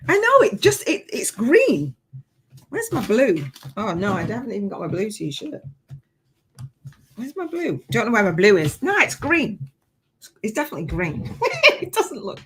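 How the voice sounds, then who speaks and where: Chatty, excitable woman on a live stream. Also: lowish voice, breathy edge. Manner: chatty and excitable, with bursts of cheering. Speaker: business coach hosting a live stream. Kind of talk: casual live stream chat. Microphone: webcam setup with ring light.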